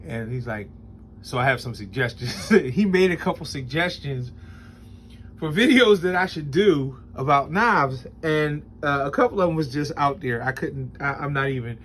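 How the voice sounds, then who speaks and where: A man hosting a knife review channel rambles and chuckles through a casual spoken product review, putting emphatic stress on rules as he explains them. His voice is fairly high and bright with lively intonation at a normal speed, and there's slight hiss or hum.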